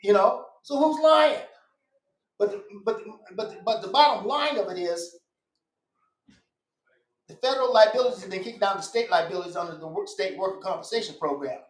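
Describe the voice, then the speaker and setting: A man talks in a high voice on a casual podcast. He is emphatic and insistent and circles back to repeat his points. The sound is roomy, with a noticeable echo. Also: expressive, moderate pace, long pauses. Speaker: guest. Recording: echoey room.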